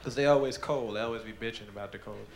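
A man performing stand-up comedy, telling animated, profane stories. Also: on the low side, quick pace, gravelly, roomy sound. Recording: live club recording with loud crowd laughter.

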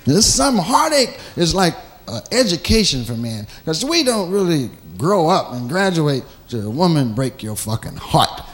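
A man's voice: on the high side, very animated, moderate pace. A man doing a stand-up comedy routine, telling stories in a loose, profane way and slipping into voices of himself. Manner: slips into mimicked voices of himself.

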